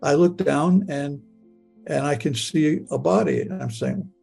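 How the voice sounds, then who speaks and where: An older man telling his own story in a halting, stammering way, with frequent restarts. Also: on the high side, wildly swooping pitch, vocal fry, warm tone, slightly rough, faint music behind. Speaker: storyteller recounting a near-death experience. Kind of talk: personal storytelling.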